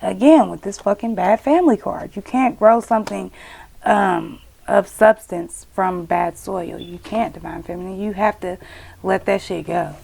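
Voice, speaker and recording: A woman's voice: medium pitch, a little slow, creaky, darkish tone. A woman giving a casual tarot reading, blunt and profane, scolding and emphatic. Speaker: tarot reader.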